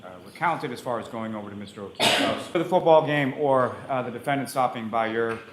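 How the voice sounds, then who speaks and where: A man with a Boston accent questioning a witness in a courtroom, asking quick questions full of uh fillers. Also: mid-range voice, reverberant, heavy background noise. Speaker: prosecutor. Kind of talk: courtroom direct examination.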